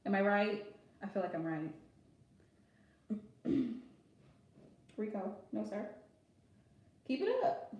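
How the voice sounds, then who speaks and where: A woman's voice: medium pitch, expressive, slow, pauses often, a little mellow, highs cut off. A woman giving casual, direct advice to viewers on a live stream, chatty and laughing often, calling listeners pet names. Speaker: live tarot reader answering viewer questions. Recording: very echoey room.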